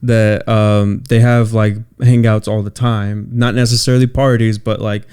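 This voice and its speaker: A man co-hosting a podcast in casual chat, talking in a relaxed, reflective way with many fillers. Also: lowish voice, measured pace, clear, resonant tone. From Southern California. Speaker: podcast co-host.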